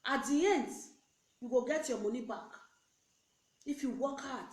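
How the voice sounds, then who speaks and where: A young Nigerian woman urging other women to join her business in an animated, preachy rant, switching between pidgin and English. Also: high voice, a little slow. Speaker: network marketing recruiter. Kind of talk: motivational live video rant. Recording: echoey room.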